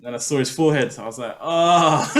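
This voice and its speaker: A man's voice: on the high side, bright, forceful tone. A young man chatting casually as a podcast co-host, emphatic and repeating his points. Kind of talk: casual chat.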